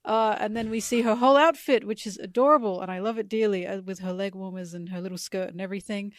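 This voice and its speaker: A woman, a podcast guest, recapping a comic chapter in enthusiastic, animated chat. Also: medium pitch, fast talker, no echo, studio quality. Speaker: podcast guest, video essayist.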